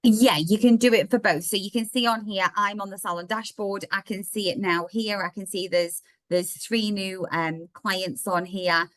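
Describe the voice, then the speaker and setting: A woman with a slightly croaky throat walks through a software demo in a friendly, chatty way. Her voice is dry and close, with no room echo, and sits at an ordinary pitch for a woman. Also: steady tone, normal speed, hardly any pauses. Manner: chatty, explaining step by step. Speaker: software trainer. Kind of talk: live online workshop demo.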